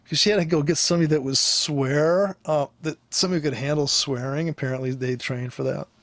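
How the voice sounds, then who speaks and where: A man's voice: a little high, fairly even intonation, fast talker, no echo. A man from the United States, a forex trader, ranting in a casual, rambling way over a live chart, swearing freely and laughing often. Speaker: forex trader and trading teacher.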